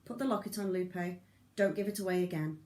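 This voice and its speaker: A woman's voice: lowish voice, steady tone, fairly quick, darkish tone, lightly acted. A woman reading as a weary, proud governor. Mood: firm, weary. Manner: formal, firm. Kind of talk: audiobook reading.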